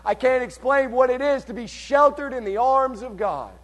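A man with a high voice preaches a fervent sermon, dropping to a near hush and then surging loud again. He reads scripture aloud in old-fashioned wording. A mains hum sits under the recording. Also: moderate pace.

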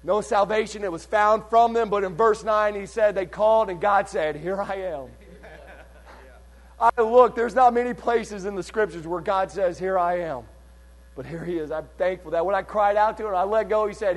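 Man, high voice, fervent sermon, swings from hushed to loud, mains hum behind. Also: moderate pace. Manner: reads scripture in old King James wording. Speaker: preacher.

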